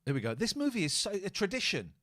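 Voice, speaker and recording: Chatty man on a podcast, his pitch a touch high and jumping all over as he talks. His sound is dry and close on the mic, with swearing and tangents about the audio levels. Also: huge pitch swings, quick pace, sharp tone, no room sound. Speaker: podcast host. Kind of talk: casual chat. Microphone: close studio mic.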